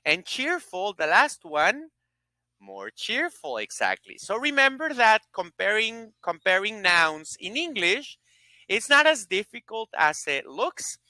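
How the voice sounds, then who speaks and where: A teacher records a grammar lesson, saying each word and its comparative slowly and with a lot of lift and fall in the pitch. The tone is bright and clear. The sound is close and dry, with no room around it. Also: big pitch swings, no room sound. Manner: drills word pairs, asks questions and answers them.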